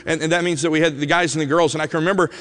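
Preacher telling a story in a ringing hall. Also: male voice, fairly high pitch, racing. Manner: animated storyteller, swings from loud to hushed. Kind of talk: sermon storytelling.

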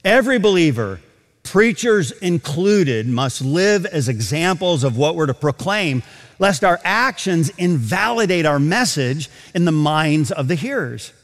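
A man preaching a sermon in a big auditorium, with his voice sitting a little high for a man and swinging widely in pitch. He slows down for emphatic scripture readings, then rushes through quick asides. A long reverb trails behind every phrase. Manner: expressive preaching with dramatic slowdowns and emphatic scripture quotes. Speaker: pastor. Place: large auditorium.

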